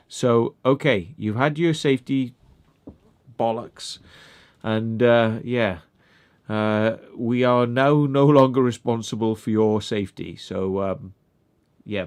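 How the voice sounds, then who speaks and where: A man's voice: medium pitch, fairly even intonation, measured pace. A man hosting a casual live-stream chat, rambling and chatty with dry asides.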